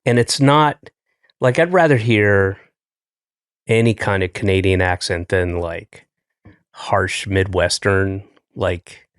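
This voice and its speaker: A middle-aged man hosting a podcast in casual chat, teasing his guest with a dry, deadpan manner. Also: low-pitched, slow, smooth, no echo. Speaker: podcast host.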